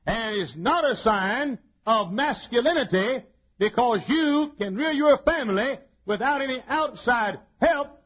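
A male pastor preaches in a folksy, joking way, often chuckling and swinging from loud to soft. His voice sits high and moves in wide, lively leaps, with a husky edge. The recording is dull and lo-fi. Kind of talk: sermon.

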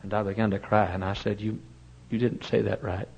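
An older man preaching a sermon, swinging from loud impassioned cries to hushed, tender storytelling. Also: fairly low pitch, level tone, fairly quick, vocal fry, slightly rough. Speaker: pastor. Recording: dull lo-fi sermon recording.

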